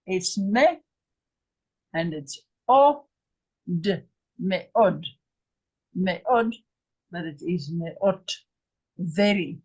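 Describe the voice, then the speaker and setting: A woman's voice: fairly low pitch, a little mellow, breathy edge, poor audio. An English woman teaching a language lesson, patiently repeating each word and spelling out its letters. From England. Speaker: Hebrew teacher.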